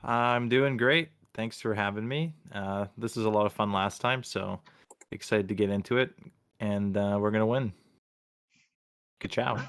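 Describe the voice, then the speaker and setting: A man chatting on a live-streamed game show in a confident, easygoing way. His voice is smooth and lowish, and the sound is dry. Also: a little slow, a bit bright, no room sound. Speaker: player. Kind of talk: casual live-stream chat.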